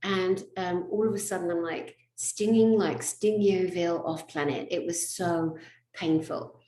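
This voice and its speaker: Animated woman, laughing storyteller. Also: on the low side, a little slow, slight background noise. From England. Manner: animated, laughs often, swears casually. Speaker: spiritual therapist. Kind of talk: humorous personal storytelling. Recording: echoey room.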